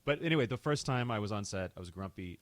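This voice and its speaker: A middle-aged actor chatting as a guest in an interview, an animated storyteller who laughs often and slips into voices. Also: male voice, on the low side, quick pace, slight background noise. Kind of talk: casual interview chat.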